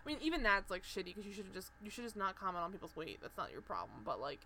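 A woman's voice: mid-range voice, very animated, fast, vocal fry, sharp tone, slight background noise. A woman co-hosting a podcast, chatting casually and animatedly with lots of fillers, acting out characters' lines. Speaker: podcast co-host. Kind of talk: casual chat recapping a TV show.

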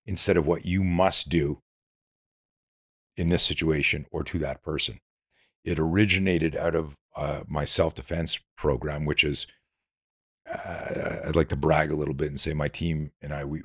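A middle-aged man with a very low, rough, husky voice talks as a guest on an interview show. He tells stories with energy and acts out both sides of the conversations in them. The sound is close and dry, with no room echo. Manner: animated storyteller acting out dialogue. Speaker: podcast guest, self-defense instructor. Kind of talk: casual interview talk.

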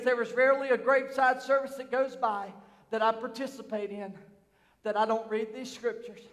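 A man preaching a fervent sermon, swinging between shouting and hushed tones. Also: very high voice, long reverb tail.

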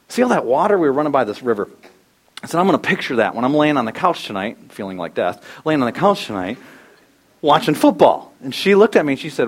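A middle-aged male pastor preaching a sermon, telling a personal story with animated shifts and acted-out quotes. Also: fairly high pitch, fast talker.

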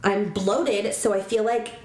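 A woman's voice: mid-range voice, fairly even intonation, a little slow, darkish tone. A young pregnant woman chatting casually, her voice sitting in the middle of the female range. She tells stories in a giggly way and acts out quoted lines. The sound carries a noticeable echo of the room around her. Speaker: co-host. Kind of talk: casual chat. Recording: echoey room.

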